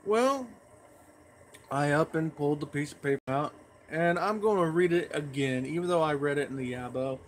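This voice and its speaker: A man's voice: a little high, brisk, a little hiss or hum. A man chatting in a folksy, rambling way as a pipe tobacco vlogger. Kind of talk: casual rambling vlog.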